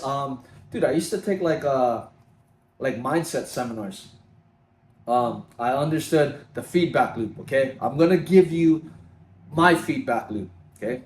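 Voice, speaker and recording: A man's voice: mid-range voice, expressive, moderate pace, roomy sound, slight background noise. A man vlogging to camera in a casual, free-flowing motivational talk, emphatic and calling his viewers dude. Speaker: fitness vlogger.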